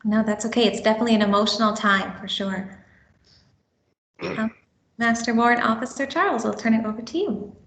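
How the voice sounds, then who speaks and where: A woman's voice: fairly high pitch, fairly quick, creaky, long pauses, a bit bright. A woman hosting a library talk who moderates in a friendly way with many fillers. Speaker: event host. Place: public library event room. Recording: roomy echo.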